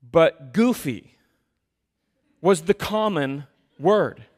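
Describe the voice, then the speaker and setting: Male pastor, sermon, conversational, animated, fairly high voice, long church reverb. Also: extremely slow. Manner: conversational, self-deprecating, animated storytelling. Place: church sanctuary.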